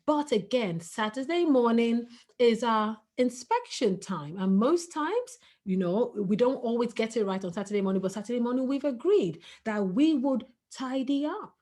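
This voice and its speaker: A woman in her thirties talks on a video call as a webinar guest, her voice sitting a little high. She speaks animatedly and slips into quoted voices as she tells stories. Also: lively intonation, normal speed, dark tone. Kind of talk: webinar talk.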